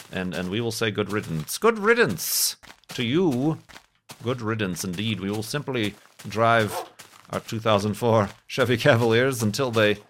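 Rambling laid-back man, low voice. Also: a bit bright, a little hiss or hum. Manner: rambling, self-deprecating, laughs often. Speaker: gaming YouTuber. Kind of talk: casual chat over gameplay.

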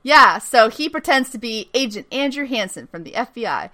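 Woman co-host, fairly high, bright voice, animated and loose, breaks into laughs, swears freely. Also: normal speed. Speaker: podcast co-host. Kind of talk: casual recap chat.

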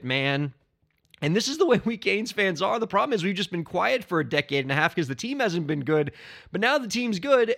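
Breathless, excitable male podcast host. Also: a little high. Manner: excitable, bursts into shouting and chanting. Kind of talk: casual solo podcast talk.

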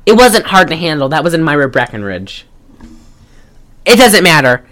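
A woman's voice: low-pitched, very animated, moderate pace, fairly bright tone. Exasperated woman ranting on a podcast. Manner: exasperated, blunt, rambling with restarts. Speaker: podcast co-host. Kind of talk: casual chat.

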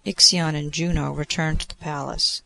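A man narrates a classic story in a measured, expressive way. His voice sits a little high and carries a gravelly rasp. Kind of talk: reading a classic story aloud.

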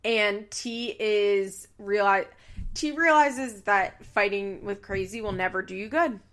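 In a slow, mid-range voice, a woman hosting a podcast goes over a reality show, her chat animated and casual, mixed with laughing and swearing.

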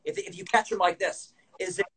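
A man's voice: sits high, steady tone, fairly quick, fairly bright tone, slightly rough, low-quality recording. A man hosting a casual interview, eagerly reflecting the guest's points back and stressing their value. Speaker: podcast host.

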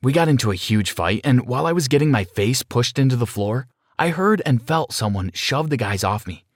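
A male narrator reading a dramatic first-person story with a lively, rolling melody in his voice. He sits at a middle pitch, and the recording is dry and close with no room sound. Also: fairly quick, no room sound.

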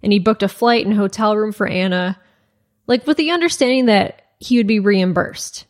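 A young woman co-hosting a casual chat, telling a story in a chatty way full of "like" fillers. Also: medium pitch. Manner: chatty, frequent "like" fillers, quick asides. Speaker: podcast co-host.

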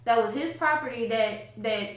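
A woman's voice: on the high side, normal speed, recorded from a distance. A woman in casual debate chat, talking conversationally and filling her speech with "like" and "um". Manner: conversational, uses many fillers like "like" and "um". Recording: echoey room, voice a bit off-mic, faint background noise.

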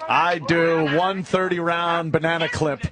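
A man's voice: a little high, fairly even intonation, a little slow, noisy background. A man co-hosting a podcast, chatting casually and profanely while watching a film, laughing often. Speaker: podcast co-host. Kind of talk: casual chat watching a movie.

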